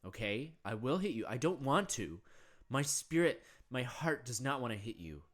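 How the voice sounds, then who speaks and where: A man's voice: mid-range voice, normal speed. A man voicing a stern but loving mother who patiently lectures her son before punishing him. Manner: patient, lecturing, calmly firm.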